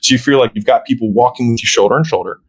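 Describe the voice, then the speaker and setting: A man as a podcast guest, explaining how he sells fitness programs in casual conversation and often checking in with a quick "right?". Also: medium pitch, breathy edge, poor audio. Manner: acts out sales dialogue, often tags "right?". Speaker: podcast guest, gym business owner.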